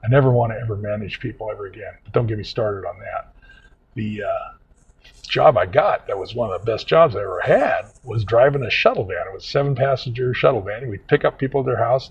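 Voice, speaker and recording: An older man telling a long, meandering personal story in casual vlog talk, halting often with fillers. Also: mid-range voice, creaky, husky, dull audio. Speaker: vlog host.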